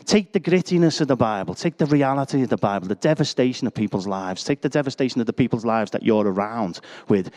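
A man's voice: medium pitch, animated, brisk, darkish tone. Man, middle-aged, sermon, casual storytelling, self-deprecating humor. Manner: chatty, self-deprecating, joking asides. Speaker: preacher. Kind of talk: sermon with personal anecdotes.

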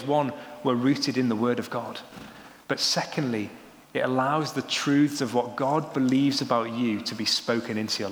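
Young guy giving a sermon, chatty and animated, big echoey church hall with long reverb. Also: mid-range voice, slight background noise. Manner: animated storytelling, rising excitedly when joking. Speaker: preacher.

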